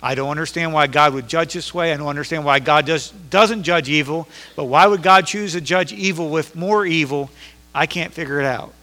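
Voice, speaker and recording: A man's voice: a little high, normal speed, sharp tone. A man preaching a sermon as pastor, reading scripture aloud and growing emphatic as he preaches. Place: church sanctuary. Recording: echoey hall reverb.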